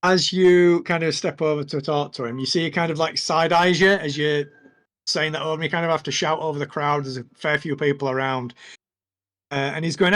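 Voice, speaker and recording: A man's voice: a little high, steady tone, fairly quick, fairly bright tone. A man narrating a tabletop game as game master, describing scenes with many fillers.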